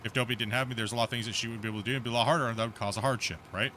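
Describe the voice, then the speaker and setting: Speaking in rapid-fire bursts, this streamer host has a mid-range voice, with a little hiss or hum in the audio. He tells a lengthy, meandering anecdote in casual voice chat, animated and full of fillers and false starts.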